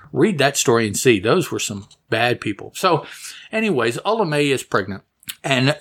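A man's voice: mid-range voice, gravelly, fairly bright tone. A man hosting a casual comic book review show, rambling and correcting himself as he reads passages aloud. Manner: rambling, self-correcting, chatty. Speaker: comic book podcast host.

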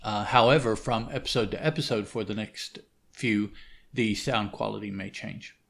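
A man casually reading a comic aloud, describing the panels in an unhurried, hesitant way with many fillers and asides. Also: lowish voice, fairly even intonation, vocal fry, a bit bright. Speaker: comic reader and podcast host. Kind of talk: casual comic read-along narration.

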